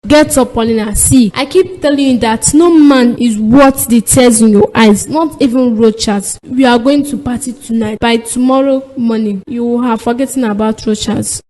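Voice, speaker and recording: A woman's voice: on the high side, normal speed, hardly any pauses, warm tone, natural voice. An actress playing a firm, protective young woman friend. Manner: firm, no-nonsense. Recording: long hall reverb.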